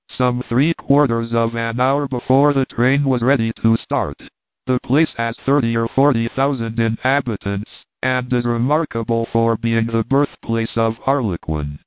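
A man reading a travel book aloud, steady and expressive, with mock-heroic flourishes. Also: medium pitch, moderate pace, clear, resonant tone, dry recording. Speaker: audiobook reader. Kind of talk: scripted narration of a travel book. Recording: dry, narrow phone-like sound.

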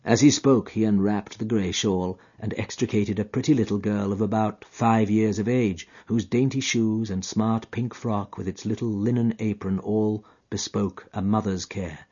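A man narrating a literary story in an expressive, dramatic, drawn-out manner. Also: lowish voice, slightly rough, lo-fi sound. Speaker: audiobook narrator.

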